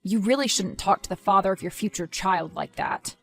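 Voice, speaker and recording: A woman voicing a worried, earnest young man who is about to become a father, speaking softly. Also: medium pitch, lively intonation, brisk, gravelly.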